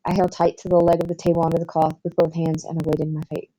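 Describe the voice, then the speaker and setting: Low-voiced Southern woman narrating. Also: little pitch movement, quick pace, mellow, rough recording. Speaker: audiobook narrator. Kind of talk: scripted narration.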